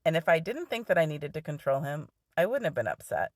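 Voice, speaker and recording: A woman's voice: sits low, sing-song, fairly quick, no room sound, clean studio sound. A woman telling a personal story in a casual way, often laughing as she goes. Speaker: vlogger.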